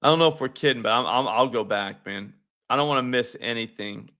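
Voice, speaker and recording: A man's voice: medium pitch, brisk, bright, forceful tone. A man hosting a live sports betting stream, chatting loosely and profanely with viewers. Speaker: sports betting show host. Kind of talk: casual live-stream chat.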